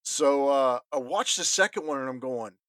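A man's voice: medium pitch, normal speed, a bit bright, no echo. A man co-hosting a casual movie podcast, eager and stumbling over restarts. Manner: enthusiastic, restarts often. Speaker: podcast co-host. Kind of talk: casual movie review chat.

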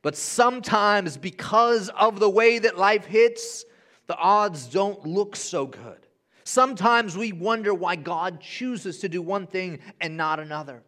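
A man in his thirties, a pastor preaching a sermon with animated storytelling that swings between hushed and loud. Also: sits high, measured pace. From Honduras.

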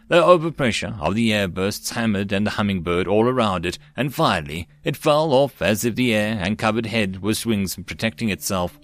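A man narrating a web-novel audiobook in a steady storytelling manner. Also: fairly low pitch, no echo. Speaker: audiobook reader.

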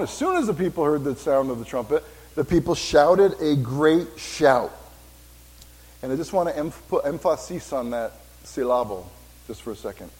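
A pastor preaching a sermon in a church, talking casually with asides and questions for the congregation. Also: male voice, medium pitch, darkish tone, low-quality recording.

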